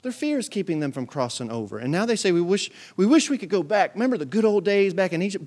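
A man preaching a sermon in a church, his voice pitched a little high for a man. He drives points home with repetition, swinging from loud, rising calls down to quiet asides. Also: very animated, fast, few pauses. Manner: emphatic preaching with repeated phrases and big swings in volume. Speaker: pastor.

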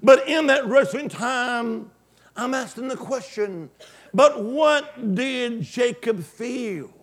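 Man, very high voice, preacher, fervent call-and-response sermon, loud then hushed. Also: takes it slowly. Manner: swings from loud exclamations to hushed asides.

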